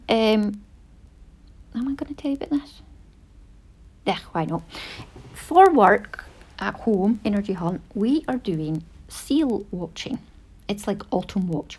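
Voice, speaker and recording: A woman's voice: a little high, very animated, moderate pace, long pauses, darkish tone, breathy edge. A woman, hosting a casual chat show and rambling through many asides. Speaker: podcast host.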